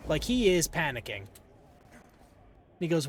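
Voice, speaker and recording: A man streaming a game and telling a rambling story in a casual, dry, deadpan way. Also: on the high side, measured pace, a little hiss or hum. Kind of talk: casual storytelling while gaming.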